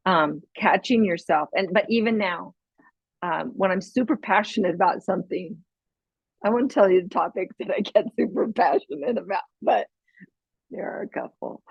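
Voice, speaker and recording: Middle-aged lady podcaster, husky voice, chatty, laughs a lot, dry dull audio. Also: medium pitch, dry recording. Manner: chatty, laughs often, acts out little scenes. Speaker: podcast host. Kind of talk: casual advice talk.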